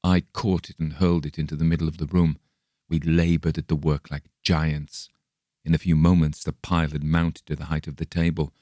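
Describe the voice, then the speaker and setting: A man reading a classic story aloud as an audiobook narrator, measured and dramatic. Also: extremely low pitch, level tone, dark tone, no room sound, clean studio sound.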